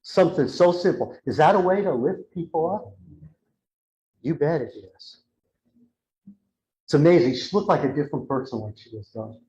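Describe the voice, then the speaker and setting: A man presenting a live workshop talk in a church hall, telling a story in an animated way and acting out what people said. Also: a little high, moderate pace, pauses often, highs cut off. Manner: animated retelling, acting out quotes. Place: church hall, with an in-person audience.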